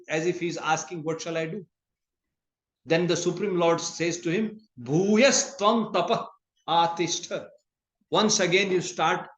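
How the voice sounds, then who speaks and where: A man gives a temple sermon in a high, light voice. He talks conversationally and laughs often, telling everyday stories along the way. The sound rings with the echo of a large temple hall. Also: fairly bright tone. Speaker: speaker giving a scripture class.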